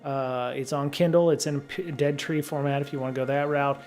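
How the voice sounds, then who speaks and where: A middle-aged man hosting a live stream. He reads from a programming book at a steady pace, then drifts into loose chat full of ums and restarts. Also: mid-range voice, fairly quick. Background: faint guitar music.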